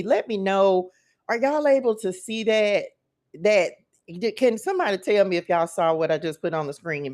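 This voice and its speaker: A woman, hosting a casual faith livestream from her phone and talking straight to her viewers in a chatty, emphatic way. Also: mid-range voice. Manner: chatty, emphatic, repeats phrases and addresses viewers as y'all. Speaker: host. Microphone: phone camera.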